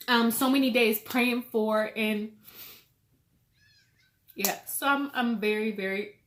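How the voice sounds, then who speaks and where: A young woman speaks to her viewers while crying, her words halting and full of fillers and repeats. Her voice sits at an ordinary middle pitch. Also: fairly bright tone. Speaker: vlogger. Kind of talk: emotional personal vlog.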